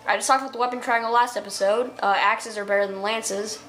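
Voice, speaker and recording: A woman's voice: on the high side, fairly even intonation, fast, a bit bright, slight background noise. A young woman giving casual let's-play commentary, reading game text aloud with chatty asides and fillers.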